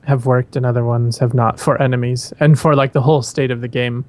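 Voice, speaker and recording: A man co-hosting a live online show in relaxed chat, speaking at a medium pitch. He is easygoing and laughs off his own slips, talking into a home microphone. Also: a little fast. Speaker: co-host of a fan-made live gaming show.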